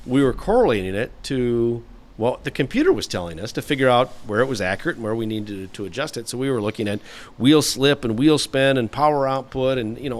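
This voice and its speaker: A man in his fifties, a guest on an interview show, telling long stories with loose, rambling phrasing and many fillers. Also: mid-range voice. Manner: rambling, anecdotal, frequent "you know" fillers. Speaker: guest, former automotive engineer. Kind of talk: storytelling interview answers.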